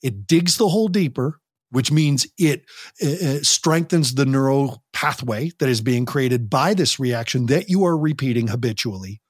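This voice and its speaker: Animated man with a husky voice. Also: medium pitch, moderate pace, no room sound, clean studio sound. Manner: animated, acts out parents and teens in quoted voices. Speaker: guest, youth program director. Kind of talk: podcast interview.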